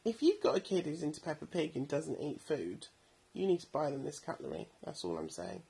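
Chatty, husky woman. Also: sits low, very animated, brisk, warm tone, poor audio. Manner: chatty, rambling, many ums. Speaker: podcast host recommending bargain buys. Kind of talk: casual product recommendations.

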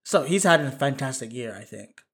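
A man's voice: medium pitch, normal speed, breathy edge. Chatty male co-host. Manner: animated, hedging with frequent restarts. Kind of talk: casual film award chat.

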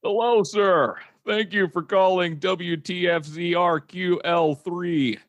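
A man's voice: sits high, steady tone, takes it slowly, fairly bright tone, pitched above the performer's own voice. A man voicing an overly polite male internet-provider phone rep with an odd put-on accent in an improvised comedy scene. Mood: polite formal.

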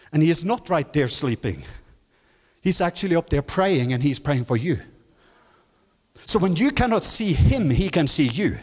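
A male guest preacher with a fairly high voice delivers a sermon in a large church hall. His words ring with a long reverb. He calls for responses from the congregation and climbs to high, emphatic lines, and his English has non-native phrasing. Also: darkish tone.

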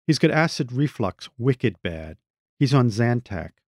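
A man reading the lines of a fretful grown daughter who fusses over family members, in a gravelly voice. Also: mid-range voice, big pitch swings, unhurried, darkish tone, no echo, clean studio sound. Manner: fretful, raises her voice. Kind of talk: reading own short story aloud.

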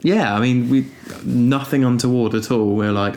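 A man's voice: medium pitch, fairly even intonation, fairly quick, few pauses, a little mellow, a little hiss or hum. A young British man co-hosting a podcast, chatting casually and recounting events with dry humour. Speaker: podcast co-host. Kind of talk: casual chat.

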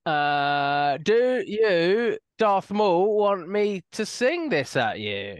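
A woman co-hosting a music podcast, talking quickly and dryly in casual chat. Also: lowish voice, big pitch swings, clean tone, no echo, dull audio. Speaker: podcast co-host.

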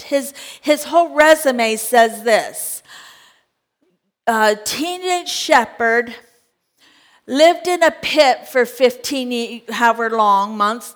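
Slow, high-voiced woman preaching. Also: fairly bright tone. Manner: dramatic storytelling, acting out scripture characters; asks the congregation direct questions. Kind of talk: sermon.

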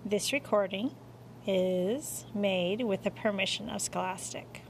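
A woman narrating a children's storybook aloud in an expressive reading with dramatic pauses. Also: mid-range voice, vocal fry, slight background noise. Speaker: audiobook reader.

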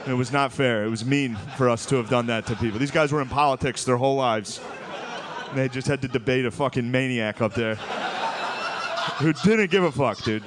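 A man telling comedic stories, animated and laughing often between lines. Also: mid-range voice, fairly quick, crowd noise. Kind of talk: comedic storytelling.

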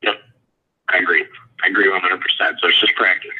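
A man in his late forties calling in to a podcast, nervous and rambling, his words rushing out. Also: deep voice, level tone, slightly rough. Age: 40s. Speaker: caller. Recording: muffled phone line.

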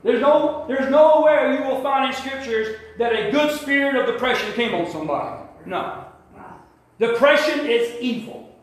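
High-voiced preacher, echoey church. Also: male voice, lively intonation, normal speed. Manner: emphatic preaching with repetition and calls to the congregation. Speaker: pastor. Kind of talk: sermon. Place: church sanctuary.

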